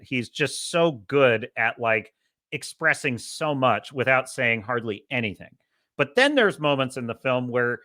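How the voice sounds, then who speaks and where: Podcast host, young man, lively casual film critique, bright forward tone. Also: no room sound, clean studio sound. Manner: animated, rises high when quoting. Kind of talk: casual movie review.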